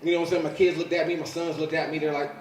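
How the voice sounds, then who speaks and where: A man's voice: fairly high pitch, flat delivery, rapid-fire. A man in his forties performing a live stand-up comedy set, profane and punchy. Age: 40s. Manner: profane, loud punchy delivery with frequent "you know what I'm saying". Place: comedy club stage with audience laughing. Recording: roomy live club sound from a distance.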